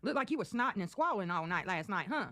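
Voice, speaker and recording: A woman's voice: medium pitch, very animated, fast, pushed and bright. A woman on a livestream, taunting and gloating while swearing freely. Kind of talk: casual livestream talk.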